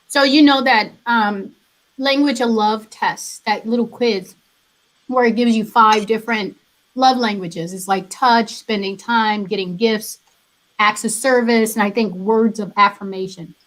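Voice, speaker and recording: A woman's voice: fairly high pitch, low-quality recording. A woman guest on a casual podcast who sounds upbeat and laughs often.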